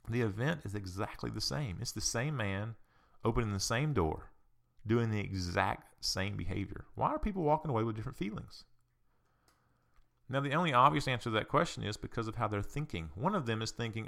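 A man's voice: on the low side, a little fast, gravelly, fairly bright tone. A man who is a counselor and podcast host, speaking in a casual, earnest, reflective monologue that mixes psychology and faith.

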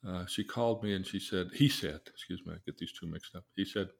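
A man's voice: low-pitched, fairly quick, gravelly. An older man, a counselor, earnestly recounting a session with a client and acting out the dialogue in casual conversation. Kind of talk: storytelling in a conversation.

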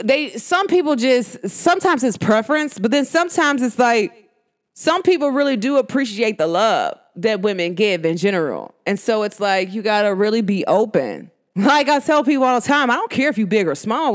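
Emphatic New York–New Jersey woman. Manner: emphatic and slangy, with big swings in pitch. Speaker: podcast host. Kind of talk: casual solo podcast monologue.

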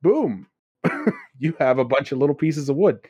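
A man's voice: on the high side, expressive, normal speed, a little mellow, breathy edge, no room sound. A man from Pennsylvania co-hosting a casual chat, rambling and often laughing between thoughts. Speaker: podcast co-host.

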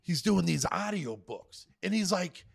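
A man with a gravelly, creaky voice chats casually. His pitch moves a lot, and he rambles in a relaxed, admiring way. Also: measured pace. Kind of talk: casual chat.

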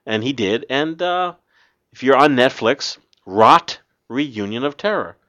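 A man's voice: medium pitch, animated, a little slow, sharp tone, dry recording, highs cut off. A man hosting a podcast, reading listener mail aloud in a casual, chatty way and laughing often. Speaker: podcast host.

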